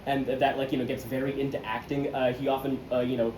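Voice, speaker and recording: A man's voice: mid-range voice, flat delivery, quick pace. A young man casually giving a jokey, rambling presentation to friends, full of fillers. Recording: echoey room with noise.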